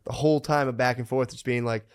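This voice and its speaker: Animated laughing male podcast host. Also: medium pitch, quick pace, clean tone. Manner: animated storyteller, laughs often, swears freely. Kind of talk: casual podcast chat.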